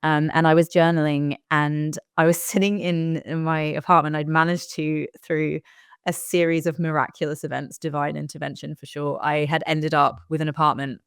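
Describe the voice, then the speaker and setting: A woman's voice: low-pitched, little pitch movement, normal speed, smooth, no room sound, clean studio sound. A young woman telling her own story in a candid, reflective way as an interview guest. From United Kingdom. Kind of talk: casual interview conversation.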